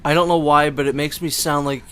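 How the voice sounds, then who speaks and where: A man's voice: fairly high pitch, level tone, brisk, fairly bright tone, clean tone. Rambling young man narrating gameplay. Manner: chatty, rambling with many fillers. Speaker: gameplay commentator. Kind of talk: casual let's play commentary.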